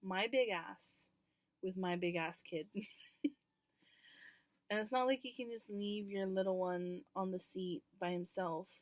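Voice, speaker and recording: A woman's voice: mid-range voice, fairly even intonation, measured pace, pauses often, no echo. A woman vlogger talking candidly to camera in a casual, rambling way, with many ums and casual swearing.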